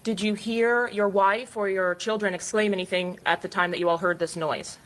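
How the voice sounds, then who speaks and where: Woman prosecutor, measured and formal courtroom questioning. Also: mid-range voice, fairly even intonation, a bit bright, low-quality recording. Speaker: prosecuting attorney.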